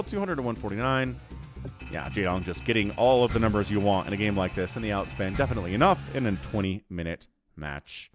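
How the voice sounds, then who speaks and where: Animated male game caster. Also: lowish voice. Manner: excitable and animated, breaks into laughs. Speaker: StarCraft shoutcaster. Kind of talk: solo game commentary.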